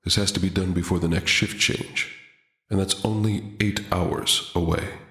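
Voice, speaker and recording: A man's voice: steady tone, normal speed, pushed and bright, reverberant. A man playing a cold, curt surgeon. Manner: curt, low, detached. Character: cold, blank-faced male surgeon. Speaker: doctor.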